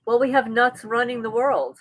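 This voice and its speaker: A woman's voice: a little high, normal speed, husky, poor audio. A woman hosting a casual live stream, reading viewers' comments aloud and answering them in a chatty way. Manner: chatty, with frequent restarts and light laughter.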